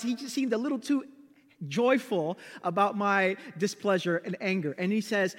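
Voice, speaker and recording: A man in his thirties, a pastor, telling a story in a sermon with an animated, self-deprecating manner. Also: high voice, moderate pace, big-room sound.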